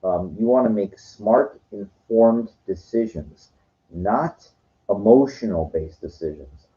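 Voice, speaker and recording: A man's voice: fairly low pitch, takes it slowly, warm tone. A man telling rambling stories in a casual monologue, swearing now and then. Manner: rambling, profane storytelling. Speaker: vlogger. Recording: dull lo-fi recording.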